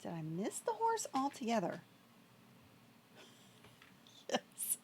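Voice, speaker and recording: Lively, high-voiced woman game streamer. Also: takes it slowly, slightly rough. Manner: laughs often, greets chat viewers. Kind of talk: casual live-stream chat.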